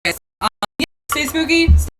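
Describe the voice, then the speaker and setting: A woman's voice: high-pitched, very animated, moderate pace, fairly bright tone, faint music behind, poor audio. A woman hosting a casual livestream, rambling through tangents and laughing often. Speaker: host.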